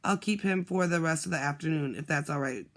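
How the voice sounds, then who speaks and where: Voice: mid-range voice, brisk, fairly bright tone, close to an everyday voice. A reader voicing a friendly, accommodating female resource teacher. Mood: helpful. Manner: helpful and accommodating.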